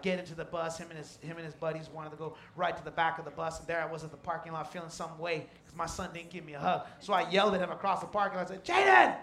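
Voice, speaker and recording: Bright-voiced emotional pastor in an echoey tent. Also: male voice, on the high side. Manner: emotional, folksy and preachy, with repeated refrains. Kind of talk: sermon. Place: large tent with a congregation.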